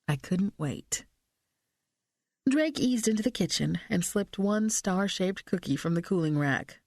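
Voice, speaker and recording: A woman narrating a mystery novel as an audiobook in the first person, reading in a steady, measured way on a close studio mic. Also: medium pitch, no room sound.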